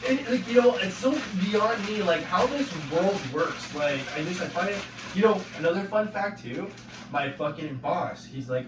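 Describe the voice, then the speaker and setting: A man venting in a profane rant, swearing constantly and rising to angry shouts. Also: high-pitched, lively intonation, normal speed. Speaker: vlogger. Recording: echoey room, far from mic, noisy.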